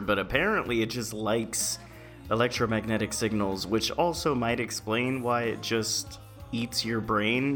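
A man's voice: mid-range voice, fairly bright tone. A man playing in a tabletop game, casually explaining his reasoning in a rambling way. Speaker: player.

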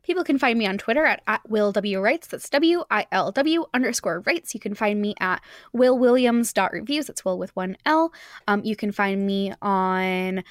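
A woman's voice: medium pitch, lively intonation, moderate pace, dry recording, clean studio sound. A woman hosting a casual podcast chat, enthusiastic, often restarting her sentences. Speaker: podcast host.

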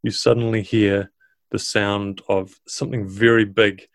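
A man, narrating a tabletop game as dungeon master in a measured, descriptive way. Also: lowish voice, flat delivery, creaky, no room sound.

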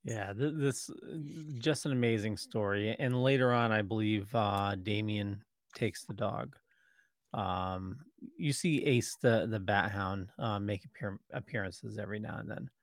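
A man co-hosting a podcast, speaking softly and hesitantly about comics. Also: lowish voice, a little slow, no room sound, studio quality. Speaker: podcast co-host. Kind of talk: casual comic-book discussion.

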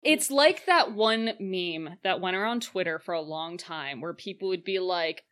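A woman's voice: medium pitch, lively intonation, unhurried, hardly any pauses, a bit bright. A woman co-hosting a casual film review, sarcastic and fond of acting out silly lines from the characters. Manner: sarcastic, acts out silly quoted voices. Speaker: podcast co-host.

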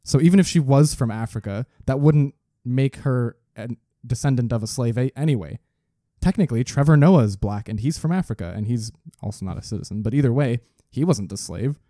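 A man co-hosts a loose podcast chat, ranting and swearing with frequent laughs. His voice sits very dark and mellow. The recording is dry, with no room sound. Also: mid-range voice, lively intonation, fairly quick, no room sound. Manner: profane, ranting, laughs often. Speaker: podcast co-host.

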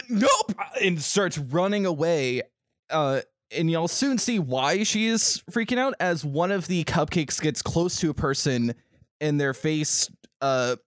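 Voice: medium pitch, no room sound, studio quality. Laid-back game master narrating. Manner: casual, rambling, laughs often.

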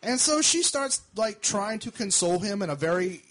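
Animated, high-voiced man telling a story. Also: moderate pace. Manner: animated, swears freely, mimics a drunk woman in a high voice. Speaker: podcast co-host. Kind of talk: casual storytelling among friends.

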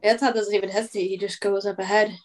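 A woman's voice: mid-range voice, level tone, fast, a little mellow. A woman playing in a tabletop role-playing game, talking casually and repeating herself as she thinks. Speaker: player.

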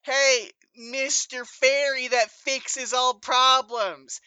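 A sly scheming rogue, as a woman plays him makes excuses in a tabletop game. The voice is high and bright with lively swings. The recording is dry. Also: drawn-out words, smooth, no room sound, heavily acted. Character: scheming male rogue, blames others.

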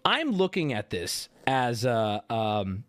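A man's voice: mid-range voice, sing-song, slow, no echo, clean studio sound. A man hosting a live stream, reacting with incredulous, rambling commentary full of restarts. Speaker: streamer host.

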